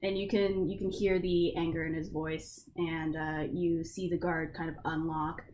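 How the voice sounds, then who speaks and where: A woman's voice: sits low, flat delivery, normal speed, a little mellow, slight background noise. A woman narrating a tabletop game as game master in a casual, loose way, with lots of fillers.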